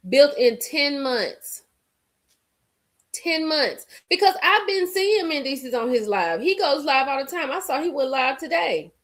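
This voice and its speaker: A woman hosting a live stream, chatting casually and emphatically with her viewers, repeating lines for effect. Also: fairly high pitch. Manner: animated, talks straight to viewers reading the chat.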